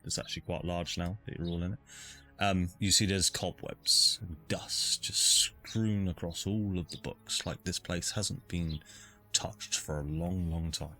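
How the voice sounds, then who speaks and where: A man's voice: sits low, steady tone, unhurried, bright, forceful tone, soft background music. A man narrating a tabletop game as game master, chatty and descriptive with plenty of fillers. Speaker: dungeon master.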